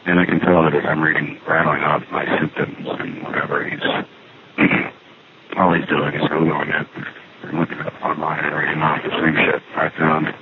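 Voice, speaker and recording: Man calling in, very deep gravelly voice, dry rambling talk, tinny noisy phone line. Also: monotone, normal speed. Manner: dry, rambling, matter-of-fact. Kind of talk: casual phone monologue. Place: at an outdoor payphone. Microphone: phone handset.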